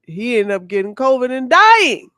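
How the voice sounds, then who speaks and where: A man co-hosting a casual podcast, speaking in a measured, hesitant way with frequent restarts. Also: extremely high pitch, big pitch swings, bright, forceful tone, dry recording, studio quality. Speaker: podcast co-host.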